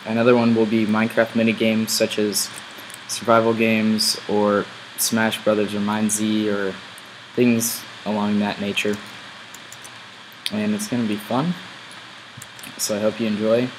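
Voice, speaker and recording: A man's voice: lowish voice, completely flat delivery, unhurried, pauses often, noisy background. A man casually commenting while he plays a game, thinking aloud as he goes. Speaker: gameplay video host.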